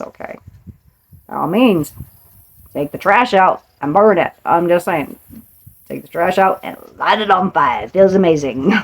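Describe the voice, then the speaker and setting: A middle-aged woman hosting a motivational talk, playful, laughing often and slipping into quoted voices. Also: lowish voice. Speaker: podcast host. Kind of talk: motivational monologue.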